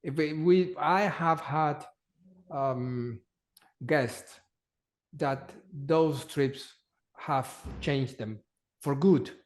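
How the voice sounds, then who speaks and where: A man who speaks as an answers interview questions, his voice sitting fairly high. He talks slowly and haltingly, often repeating words as he searches for the next phrase. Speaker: polar travel company guest.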